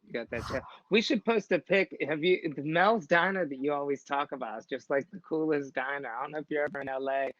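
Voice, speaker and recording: A man's voice: a little high, fairly quick, few pauses, fairly bright tone, no echo. Male co-host, laid-back storyteller, dry and muffled audio. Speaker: podcast co-host. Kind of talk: casual chat. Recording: dull lo-fi sound.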